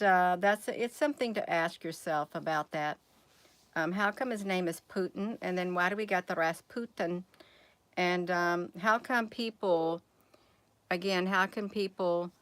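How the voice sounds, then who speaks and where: A woman's voice: fairly low pitch, a bit bright, no room sound. A woman hosting a casual vlog, rambling and asking her viewers one question after another. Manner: rambling, asks viewers many rhetorical questions; addresses viewers as "you all". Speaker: channel host.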